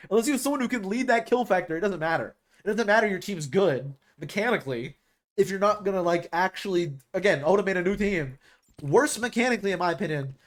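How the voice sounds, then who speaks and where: A young man streaming, chatting casually and rambling about esports rosters, restarting his sentences often. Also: high voice.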